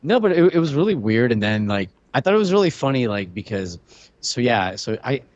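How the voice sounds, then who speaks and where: A man co-hosting a podcast, with a lively voice that swings up and down as he jokes and teases. His voice sounds dry and close, with no room around it. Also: mid-range voice, brisk, dry recording, highs cut off. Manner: animated, joking, teasing. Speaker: podcast co-host. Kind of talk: casual chat.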